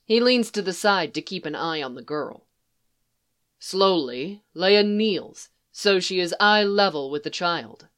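Reader: woman, unhurried soft narration, low register. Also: animated, clean tone. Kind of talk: reading fan fiction aloud.

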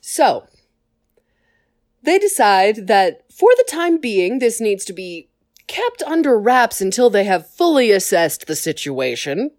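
Brief: woman storyteller, wry asides, lively melody, dry close sound. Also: medium pitch, no room sound. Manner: wry, animated, quick asides. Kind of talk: casual story retelling.

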